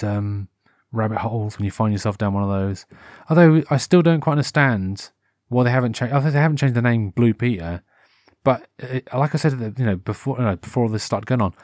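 A man's voice: mid-range voice, dry recording, studio quality. A British man talking alone on his podcast in a loose, rambling way, often correcting himself and livening up when he acts things out. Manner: rambling, self-correcting, breaks into animated put-on voices. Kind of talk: unscripted solo monologue. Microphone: headphones with a wired mic.

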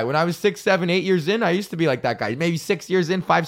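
A man's voice: on the high side, fast, few pauses. A man hosting a comedy podcast, telling a loose, profanity-laced story rant. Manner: swears a lot, loose and animated, fillers and restarts.

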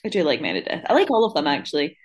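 Blunt woman co-host, low-ish voice, opinionated casual chat. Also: huge pitch swings, racing, highs cut off. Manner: blunt, opinionated, swears freely. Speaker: podcast co-host.

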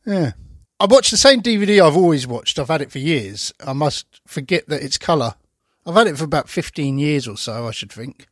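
A podcast host chats casually, rambling along with fillers and restarts. His voice sits fairly high with lively intonation and a fairly bright tone, moving at normal speed. The recording is clean studio sound with no room echo.

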